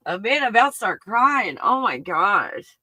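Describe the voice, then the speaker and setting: Female live-stream host, bright and crisp, effusive and emotional, dry close sound. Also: medium pitch, sing-song, normal speed, dry recording. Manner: effusive and emotional, gushing with exclamations. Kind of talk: live-stream talk reading viewer comments.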